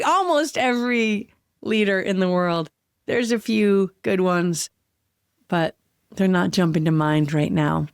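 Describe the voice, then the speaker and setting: A woman hosting a solo podcast, talking candidly and with heartfelt, gentle emotion. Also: mid-range voice, dry recording, clean studio sound. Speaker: podcast host.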